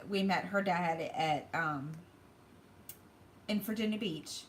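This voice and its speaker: A woman hosting a craft livestream, slowly telling an emotional personal story and then crying. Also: fairly low pitch. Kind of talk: livestream chat. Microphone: tablet mic. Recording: faint room noise.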